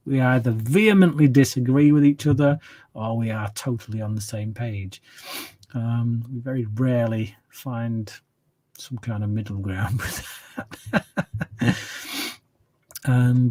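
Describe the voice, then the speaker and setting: A man's voice: medium pitch, unhurried, warm tone. A man hosting a casual livestream Q&A, rambling and opinionated, humming filler syllables while he reads the chat. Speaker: channel host answering viewer questions.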